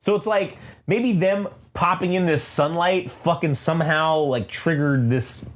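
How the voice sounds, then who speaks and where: A man co-hosting a comic book podcast, recapping an issue in a loose, profane, animated way with quick character voices. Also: a little high. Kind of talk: casual comic recap chat.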